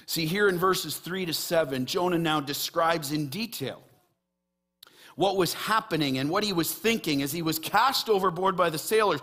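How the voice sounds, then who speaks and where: A man preaching a sermon in an emphatic style, swinging between loud rising passages and quiet low asides, with many rhetorical questions to the congregation. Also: normal speed. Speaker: pastor.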